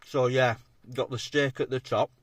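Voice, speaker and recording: A man's voice: medium pitch, fairly even intonation, moderate pace, no room sound. A man, chatting casually as he tastes and reviews food on his vlog. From England. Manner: chatty, matey, talks between bites. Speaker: food vlogger.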